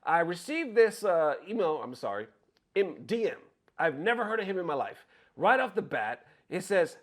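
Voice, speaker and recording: Male vlogger, lively pitch and a slightly high voice, casual and profane, animated storytelling. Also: moderate pace. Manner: animated, swears freely, acts out quotes. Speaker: content creator. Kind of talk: casual commentary vlog.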